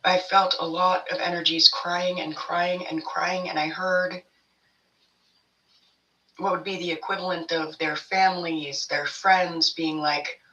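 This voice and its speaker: A woman's voice: fairly low pitch, level tone, measured pace, sharp tone, distant mic, muffled recording. A woman giving a casual spiritual tarot reading to her viewers, rambling and blunt, swearing freely as she talks. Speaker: tarot reader.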